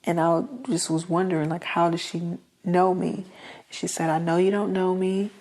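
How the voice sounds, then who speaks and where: A woman's voice: fairly low pitch, level tone, normal speed, a little mellow. A woman, a guest in an interview, earnestly telling her life story and acting out the voices of the people in it. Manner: earnest, acts out quoted dialogue.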